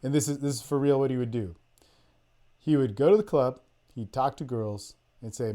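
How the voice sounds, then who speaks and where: A male dating coach holds forth on a group call, swearing freely as he tells his stories. He slips into quick quoted lines from other people and then drops back to his own easy, mid-pitched voice. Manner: profane, animated storytelling, quoting others in quick bits. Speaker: podcast host, dating coach. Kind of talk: casual storytelling on a group call.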